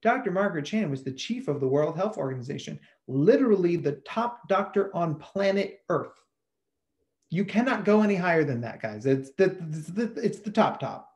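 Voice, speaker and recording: A man and psychologist giving a lively, chatty webinar presentation over a video call. He often repeats words as he thinks out loud. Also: high voice, moderate pace.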